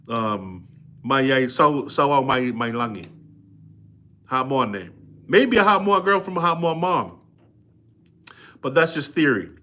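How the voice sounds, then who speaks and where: A middle-aged man reads a book aloud live with a bright, forceful voice sitting a little high for a man. He breaks off often in a relaxed, conversational way to explain and quiz his listeners. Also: moderate pace. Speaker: reader and commentator. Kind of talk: live book reading with commentary.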